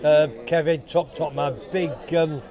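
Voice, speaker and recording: A man's voice: fairly high pitch, little pitch movement, measured pace. A man chatting as a guest on a live show, rambling with lots of fillers and restarts, with a lingering cough. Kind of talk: casual banter on a livestream. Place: outdoors at a busy bar. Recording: outdoor livestream with crowd noise. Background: crowd chatter.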